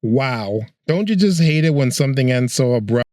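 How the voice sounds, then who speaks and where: A man's voice: medium pitch, expressive, moderate pace, a little mellow, dry recording, studio quality. A man hosting a comedic video about sports games, narrating in a sarcastic, joking way. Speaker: video host. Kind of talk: comedic game commentary narration.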